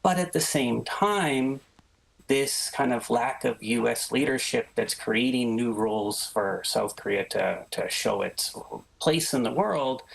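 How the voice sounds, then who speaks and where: Guy w a really gravelly voice, prof type, explains stuff calmly in a studio chat. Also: medium pitch, rough recording. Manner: measured, explanatory, hedging with "I think". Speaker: guest professor, analyst. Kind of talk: studio discussion.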